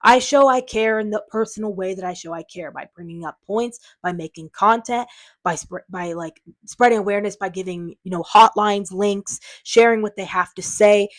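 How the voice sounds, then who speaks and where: A woman's voice: mid-range voice, moderate pace. A woman talking to her viewers in an unscripted vlog, defensive and frustrated, rambling with lots of fillers. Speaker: channel owner.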